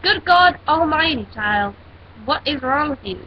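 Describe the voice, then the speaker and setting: A woman's voice: sits high, expressive, measured pace. A teenage girl ranting in a casual vlog, telling a story in a sassy, dramatic way. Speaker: vlogger. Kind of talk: casual rant. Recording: dull lo-fi with faint hiss.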